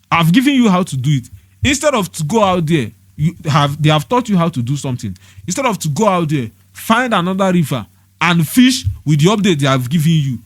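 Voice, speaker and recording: A man's voice: on the high side, sing-song, brisk, breathy edge, no echo, studio quality. A young Nigerian man giving a preachy, scolding monologue, hammering the same points with rhetorical questions. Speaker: motivational vlogger.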